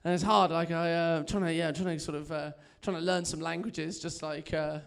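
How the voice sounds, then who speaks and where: A man's voice: a little high, fairly even intonation, fairly quick, gravelly, smooth. A young English man doing stand-up, chatty and self-mocking, laughing at his own jokes in front of a club audience. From England. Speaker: stand-up comedian. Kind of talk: stand-up set. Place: comedy club with a live audience.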